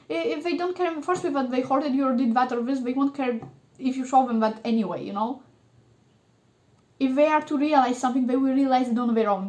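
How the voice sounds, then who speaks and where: A woman with a high voice reads tarot cards for her viewers. She talks in an emphatic, coaxing way and keeps checking in with the listener. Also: a little mellow. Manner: emphatic, coaxing, repeats "okay?" often. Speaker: tarot reader. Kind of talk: tarot reading monologue.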